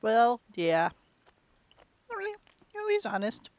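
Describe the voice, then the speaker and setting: A woman's voice: a little high, takes it slowly, no room sound, dull audio. Chatty woman narrating a horror game. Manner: chatty, musing, with bursts of excitement. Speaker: game streamer. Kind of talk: let's play commentary.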